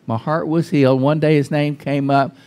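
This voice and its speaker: A man's voice: fairly high pitch, flat delivery, moderate pace, a little mellow, clean tone. Man preaching a folksy sermon. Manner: folksy, frequent restarts, questions to the congregation. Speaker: pastor. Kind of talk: informal conversational sermon. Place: church sanctuary.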